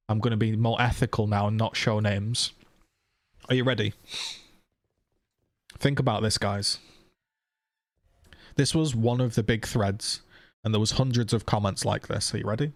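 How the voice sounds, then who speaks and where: A man's voice: on the low side, fairly even intonation, normal speed, pauses often, dry recording. A man streamer ranting heatedly to his viewers, swearing and firing off rhetorical questions. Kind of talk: casual live-stream rant.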